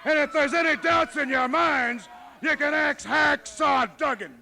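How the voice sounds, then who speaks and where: A pompous wrestling manager lays out his demands in a high, bright, commanding voice. He talks down to everyone and builds to shouted threats. The sound has the feel of a 1980s television broadcast. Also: a little slow, vocal fry. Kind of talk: wrestling promo speech.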